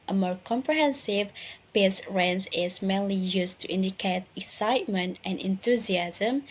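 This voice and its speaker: A woman's voice: medium pitch, rough recording. A woman student reading a class presentation from her notes, citing sources as she goes.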